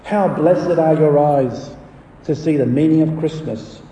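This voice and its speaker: A man's voice: fairly high pitch, a little slow, dark tone, slight background noise. A male pastor preaching a sermon, asking rhetorical questions and swelling on key phrases. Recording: echoey hall from far off.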